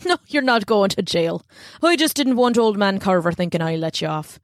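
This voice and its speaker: A woman's voice: mid-range voice, animated, moderate pace, no echo, studio quality, close to an everyday voice. A woman voicing a stout, jovial village constable with folksy country speech. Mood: friendly.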